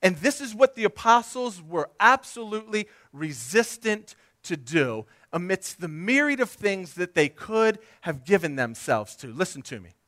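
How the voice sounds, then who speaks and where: A male pastor preaching with lively, swooping delivery and a bright, forceful tone. His voice sits high for a man, and he drives his points home emphatically, with quick comic asides. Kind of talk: sermon.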